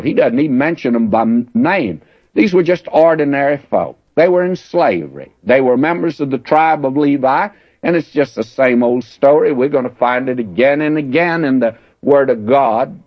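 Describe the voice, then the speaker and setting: A man's voice: medium pitch, dry recording. A man giving a folksy, conversational verse-by-verse Bible teaching. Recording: dull lo-fi dry recording.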